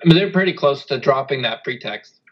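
Male podcast co-host, average pitch, relaxed and hedging, slightly muffled mic. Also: fairly quick. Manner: casual, hedging, laughs often. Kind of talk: casual political chat.

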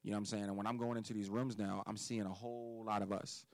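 Emphatic lower-voiced man from Philadelphia. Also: little pitch movement, fast talker, no echo, poor audio. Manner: emphatic, profane and preachy, repeats key words. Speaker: podcast guest. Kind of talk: casual podcast conversation.

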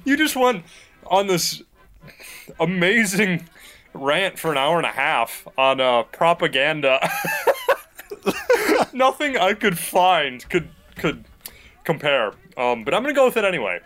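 A man's voice: fairly high pitch, huge pitch swings, a little slow, long pauses, bright, forceful tone. A man co-hosting a podcast in casual chat, playful and hesitant, laughing often. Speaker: podcast co-host.

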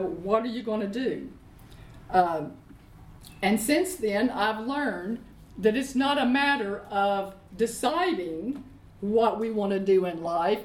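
A middle-aged woman preaching a sermon, reading Bible verses slowly and repeating key phrases. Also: mid-range voice, darkish tone. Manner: leads call-and-response with congregation. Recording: echoey room.

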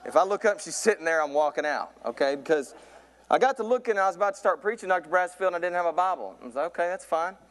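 A man in his thirties preaching a sermon from a church pulpit, telling a comic story and getting louder and higher as it builds. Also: rapid-fire. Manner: animated storyteller, voice climbs high in excitement. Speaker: youth pastor preaching.

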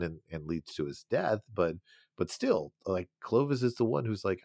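A man with a fairly low voice talks casually about a movie with his co-host. He laughs often and slips into playful quoted voices. The sound is dry and close. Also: normal speed, dry recording. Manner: animated, laughs often, acts out lines. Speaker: podcast co-host. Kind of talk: casual film discussion.

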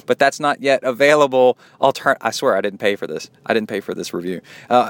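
A male podcast host with a fairly low, soothing voice, chatting loosely and playfully. He reads emails aloud and breaks in with quick joking asides. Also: no room sound. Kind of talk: casual podcast chat, reading listener emails.

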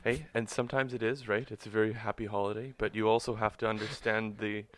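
A man's voice: on the low side, flat delivery, fast, no room sound. A man in a casual podcast chat, playfully teasing and swearing casually.

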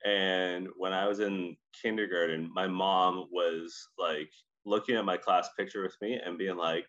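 A man from Scotland co-hosts a podcast and tells animated stories, packing his talk with "like". His voice sits low. The recording sounds dull and lo-fi. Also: moderate pace. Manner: animated storytelling, lots of "like". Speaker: podcast co-host. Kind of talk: casual chat.

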